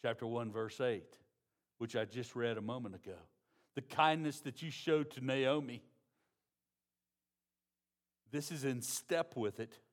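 A pastor, preaching a sermon in a conversational, folksy way. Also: male voice, medium pitch, a little slow, long pauses.

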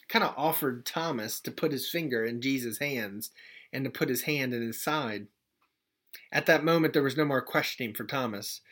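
A man in his thirties delivers a sermon from the pulpit, pitched at an ordinary middle register. He preaches gently and conversationally, slipping in folksy asides and homely comparisons. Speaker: pastor.

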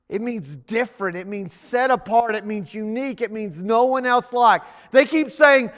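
High-voiced preacher in a reverberant church. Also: male voice. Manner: swings from hushed to shouted, dramatic emphasis. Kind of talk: sermon. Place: church hall. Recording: long hall reverb.

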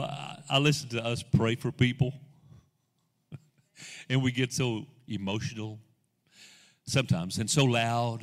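A man preaching a sermon as guest speaker. He goes from soft, slow asides to loud, rising exhortation, and he acts out the people he quotes in his own voice. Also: medium pitch, big-room sound.

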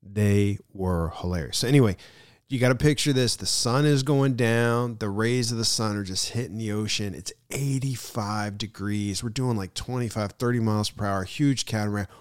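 A middle-aged man hosting his podcast, telling a vacation story in a casual, excited way and calling the listener "dude" a lot. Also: fairly low pitch, moderate pace, clear, resonant tone, no echo, clean studio sound. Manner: excited, slangy, keeps saying "dude". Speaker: podcast host.

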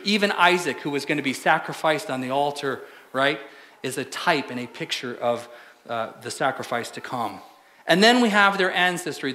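Man, pastor, conversational sermon, rhetorical questions, somewhat high pitch. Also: bright, forceful tone. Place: church sanctuary.

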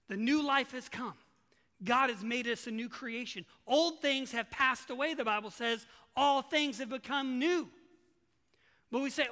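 A male pastor with a very high, bright voice delivers an earnest sermon. He repeats key phrases for emphasis. The church hall leaves a long reverb tail. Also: moderate pace.

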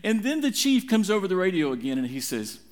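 A middle-aged man preaching a sermon, telling a story with dramatic, animated swings in his voice. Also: fast talker. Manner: animated, dramatic retelling with big swings in pitch. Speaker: pastor.

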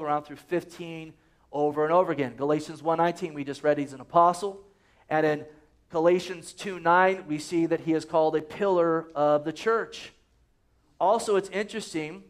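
A man preaching a sermon in a conversational, joking way, often reading out scripture. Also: fairly high pitch. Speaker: pastor.

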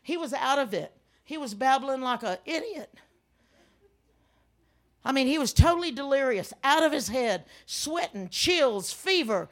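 An older woman preaching a sermon, telling stories with animated emphasis and frequent laughs. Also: sits high, unhurried. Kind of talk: sermon with storytelling.

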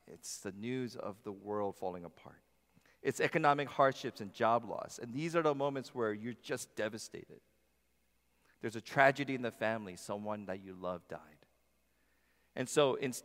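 A male pastor preaching a sermon in a church, emphatic, swinging between loud passages and soft ones. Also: mid-range voice. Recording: long reverb of a large hall.

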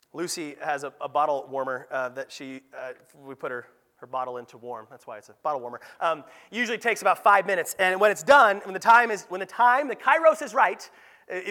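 Bright, high-voiced male pastor preaching. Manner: lively, conversational preaching with frequent "right?" asides; acts out voices and sound effects with a raised pitch. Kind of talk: sermon.

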